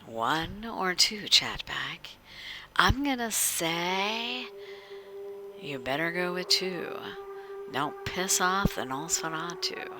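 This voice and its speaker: A woman narrating a tabletop game as whispered role-play, in a low, hushed voice that drifts slowly through lively rises and falls. Music plays behind her. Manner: hushed, suspenseful narration; chats with viewers. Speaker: game master.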